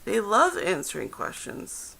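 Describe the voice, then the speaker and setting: A woman's voice: medium pitch, wildly swooping pitch, a little slow, vocal fry, bright, forceful tone, a little hiss or hum, rough recording. A woman hosting a live-streamed tarot reading, chatting directly to viewers and to her cards. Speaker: tarot reader and stream host.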